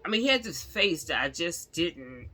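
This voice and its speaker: A middle-aged woman tells her own story straight to her viewers in a vlog. Her voice is very bright and cutting, and she tells it animatedly, acting out what the other people said. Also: on the low side, big pitch swings, normal speed. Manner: acts out the others' lines in the story. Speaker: vlogger. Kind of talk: personal storytelling to camera.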